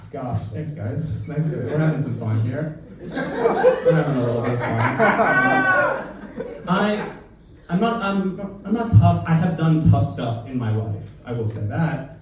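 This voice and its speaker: Goofy, rambling man doing stand-up in an echoey club. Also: on the high side. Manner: goofy, rambling, self-deprecating, lots of fillers and restarts. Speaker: stand-up comedian. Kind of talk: live stand-up comedy set. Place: comedy club stage with live audience. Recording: echoey club from far off with audience. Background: crowd laughter.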